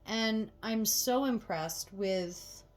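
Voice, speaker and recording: A woman chatting casually to viewers as she gets ready, swearing freely and getting animated when annoyed. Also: medium pitch, drawn-out words. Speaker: tarot reader and channel host. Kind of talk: casual get-ready-with-me chat.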